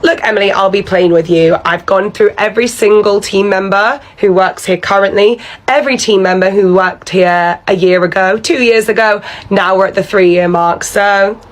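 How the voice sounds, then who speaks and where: A woman's voice: mid-range voice, normal speed, few pauses, natural voice, poor audio. A woman playing a bossy, entitled female pub manager who talks down to her staff in a condescending way. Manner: condescending, patronizing, relentless. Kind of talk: comedy sketch acting.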